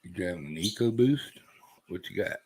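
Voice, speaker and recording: A man's voice: low voice, lively intonation, normal speed, darkish tone, slightly rough, poor audio. A man chatting casually with viewers on a live stream, easygoing and rambling. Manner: easygoing, rambling, laid-back.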